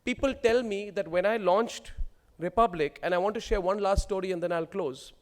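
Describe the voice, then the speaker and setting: Speaking at a moderate pace in a high voice, a man in his forties with an Indian English accent gives a keynote. His emphatic motivational speech leans on rhetorical lists.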